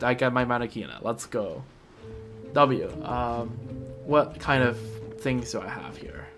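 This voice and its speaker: A young adult streamer giving casual, excitable commentary while playing a game, blurting reactions and talking to themselves. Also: mid-range voice. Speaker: gameplay streamer.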